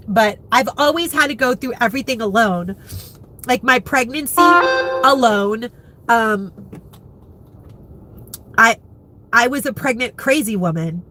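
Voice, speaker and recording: A woman's voice: fairly high pitch, bright, forceful tone. A woman in her fifties chatting candidly to viewers in a rambling, emotional way. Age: 50s. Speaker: vlogger. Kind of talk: candid live chat.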